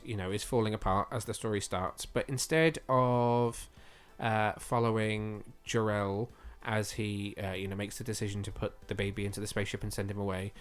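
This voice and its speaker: A podcast co-host with a lowish, smooth voice chats enthusiastically, dropping in frequent fillers. His voice sounds like it's slightly going.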